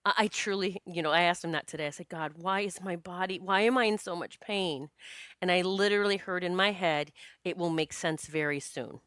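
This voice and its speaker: A woman's voice: fairly low pitch, fairly quick, clean tone, no room sound, studio quality. Chatty spiritual woman storyteller. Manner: animated, chatty, frequent restarts and quoted self-talk; spiritual, earnest. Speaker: podcast host, psychic medium. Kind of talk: casual personal storytelling.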